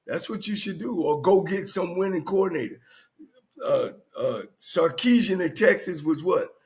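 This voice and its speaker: High-voiced joking coach co-host man. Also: moderate pace. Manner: laughs often, loose and joking. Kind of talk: casual sports talk.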